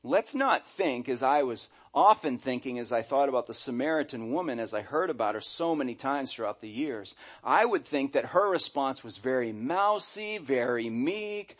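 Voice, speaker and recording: A middle-aged man preaching a sermon as pastor, animated and acting out quoted voices. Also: mid-range voice, normal speed, few pauses.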